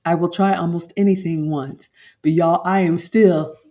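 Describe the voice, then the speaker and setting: A woman's voice: lowish voice, fairly even intonation, normal speed, mellow. A woman from Africa, a home cook and food vlogger, chatting casually on a livestream and talking straight to her viewers. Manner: chatty, addresses viewers directly.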